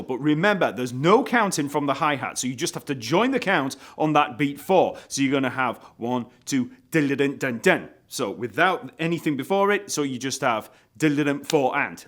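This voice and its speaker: A man teaching an online bass lesson, explaining step by step and counting beats aloud. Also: expressive, a little fast, hardly any pauses, a bit bright.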